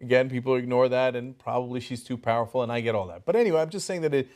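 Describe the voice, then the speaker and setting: A man hosting a political talk show, giving animated and worked-up commentary. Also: mid-range voice, racing.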